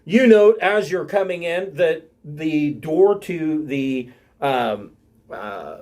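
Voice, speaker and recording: A man narrating a tabletop game as game master, halting and filling gaps with ums and uhs. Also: fairly high pitch, lively intonation, darkish tone.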